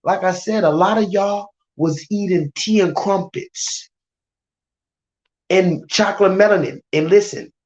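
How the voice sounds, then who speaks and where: A woman's voice: medium pitch, a little mellow. A woman hosting a live-stream reaction, brash and profane, talking straight to her chat. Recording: muffled lo-fi stream audio.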